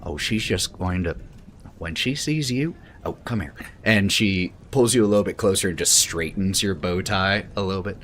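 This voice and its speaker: A man's voice: low-pitched, moderate pace, a bit bright, slight background noise. A man voicing a fussy, doting woman housekeeper in a tabletop game, chatty and full of little fillers.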